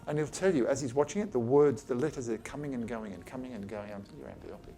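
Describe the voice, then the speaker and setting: Blunt, chatty man with a gravelly voice. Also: mid-range voice, expressive, fast, mellow, faint music behind. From Australia. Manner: blunt and chatty, swears casually, acts out patient exchanges. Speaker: eye surgeon giving a talk. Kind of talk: informal lecture to colleagues. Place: his office, talking to a small group.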